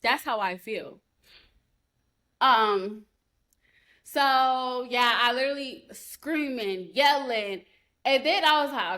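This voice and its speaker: A woman's voice: high-pitched, takes it slowly. Heated, profane woman. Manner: heated, profane, animated storytelling. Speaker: podcast co-host. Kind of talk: casual chat.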